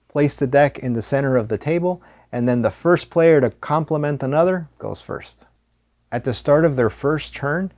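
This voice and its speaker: A man's voice: mid-range voice, darkish tone, no room sound. A man hosting a board game preview, explaining the rules in a friendly, explanatory way.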